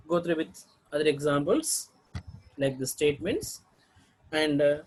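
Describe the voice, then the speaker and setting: A man teaching English intonation in a recorded lecture, demonstrating each example sentence twice and clearing his throat now and then. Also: a little high, poor audio.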